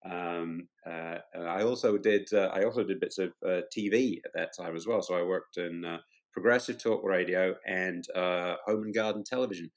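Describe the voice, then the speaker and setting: A British man with a fairly low voice talks as a guest on an interview podcast. He is chatty and self-deprecating, often pausing and restarting as he goes. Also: fairly even intonation. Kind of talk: casual interview chat.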